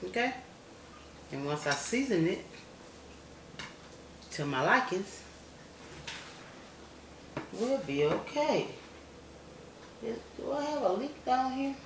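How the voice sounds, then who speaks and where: A woman's voice: a little high, very animated, slow pace, pauses often. An older woman, a grandmother, cooking at home in her kitchen and chatting folksy to her viewers, often checking in with "okay?". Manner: folksy, chatty, keeps asking "okay?" and calls viewers y'all and baby. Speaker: home cook. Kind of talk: cooking demonstration vlog. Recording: echoey room with loud background noise.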